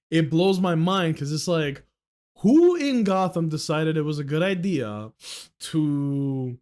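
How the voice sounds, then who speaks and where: A young man chatting casually on a livestream, excitable and swearing, with sudden loud outbursts. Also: a little high. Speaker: streamer.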